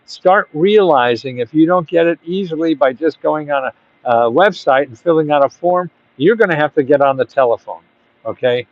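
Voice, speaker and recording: A man's voice: a little high, normal speed, no room sound. Chatty man with a dull, lo-fi sound. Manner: rambling and chatty, with bursts of emphatic urging. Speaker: host giving grant advice. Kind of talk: casual direct-to-camera talk. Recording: dull, dry lo-fi audio.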